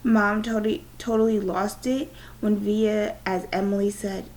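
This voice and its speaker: A woman's voice: mid-range voice, little pitch movement, a little slow, darkish tone, low-quality recording. A woman teacher with a cold reading a novel aloud to her class, with small stumbles. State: has a cold.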